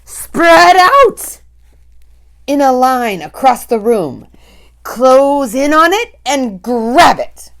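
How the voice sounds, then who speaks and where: Cruel witch queen, shrill, shrieking, bossy, storybook villain. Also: sing-song, extremely slow, a bit bright, heavily acted. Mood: commanding. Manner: screeching, commanding, high-pitched. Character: shrieking, domineering evil female witch leader.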